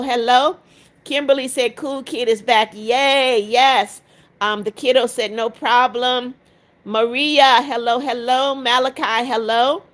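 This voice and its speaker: A woman in her seventies with a slightly high voice hosts a live stream, greeting each viewer by name and reading their comments aloud. She is motherly but turns firm with rude viewers. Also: a bit bright. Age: 70s. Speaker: livestream host.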